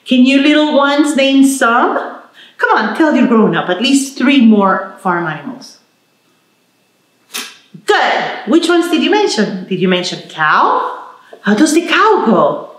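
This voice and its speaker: A woman running a baby storytime, talking slowly and in a sing-song way to little ones, dropping in Spanish words as she counts and sings. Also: high voice, sing-song, a bit bright, echoey room. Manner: slow, sing-song, encouraging, talks to babies. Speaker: children's librarian. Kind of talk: baby storytime with rhymes and songs.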